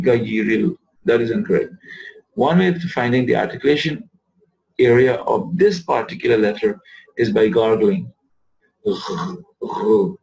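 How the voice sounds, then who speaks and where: A man with a gravelly, middle-range voice leads a recorded language lesson. He talks patiently and repeats words slowly to show their pronunciation. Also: mid-range voice, darkish tone, poor audio. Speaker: Arabic teacher.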